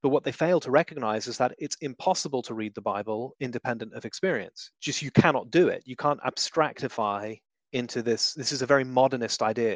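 A man's voice: mid-range voice, dry recording. A man guest giving conversational theological teaching, emphatic and full of vivid examples with shifting inflection.

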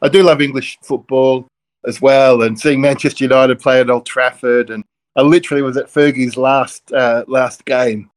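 A middle-aged man from Melbourne, a minister, telling stories in a relaxed conversational way that wanders off on tangents with self-deprecating jokes. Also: mid-range voice, moderate pace. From Melbourne, Australia. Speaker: interview guest, Church of Christ minister.

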